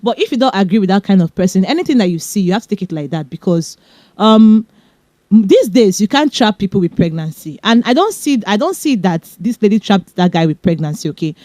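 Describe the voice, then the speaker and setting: Young woman, Nigerian accent, podcast host, chatty fast advice, mellow voice, dry sound. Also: mid-range voice, big pitch swings, dry recording. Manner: fast, chatty, laughing asides. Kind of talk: casual advice talk.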